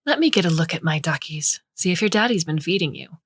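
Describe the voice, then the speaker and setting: A woman voicing a household robot that speaks as a playful late mother, husky, with a Brooklyn accent. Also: lowish voice, animated, quick pace, slight background noise, natural voice. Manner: teasing, affectionate.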